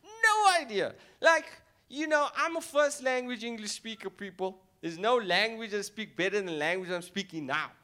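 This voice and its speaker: A South African man doing stand-up, his voice set high and swooping all over the place. He tells his story in a playful, teasing way and keeps throwing in mocking asides. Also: expressive, normal speed, hardly any pauses, pushed and bright. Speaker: stand-up comedian.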